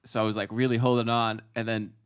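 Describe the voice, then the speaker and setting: A man's voice: mid-range voice, level tone, fast talker, clear, resonant tone. A man co-hosting a podcast in an easygoing, casual chat. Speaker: podcast co-host.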